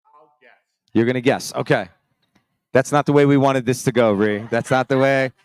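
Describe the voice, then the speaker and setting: A man's voice: mid-range voice, steady tone, normal speed, clear, resonant tone, no echo. A man hosting a live show on a conference stage, telling stories in an upbeat, chatty, rambling way with many restarts. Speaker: host.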